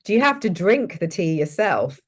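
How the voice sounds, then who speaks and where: A woman's voice: fairly low pitch, sing-song, normal speed, husky. A woman hosting an interview, asking casual questions and sometimes trailing off mid-sentence. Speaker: podcast host.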